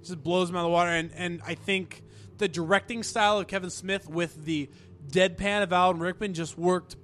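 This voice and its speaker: A man's voice: high voice, steady tone, moderate pace, a bit bright, soft background music. A man co-hosting a casual movie podcast, rambling eagerly through his favorite films. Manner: rambling, restarts, enthusiastic about movies. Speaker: podcast co-host. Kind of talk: casual chat.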